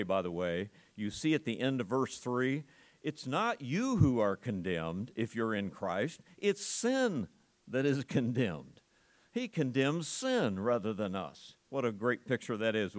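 A man's voice: on the low side, big pitch swings, normal speed. A male pastor preaching a sermon at a church service, emphatic and full of rhetorical questions to his congregation.

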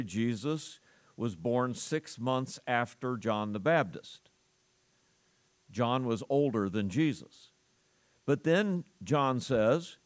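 A man preaching a sermon, slowing down and swelling in volume on key words. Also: medium pitch, expressive, no room sound. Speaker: pastor.

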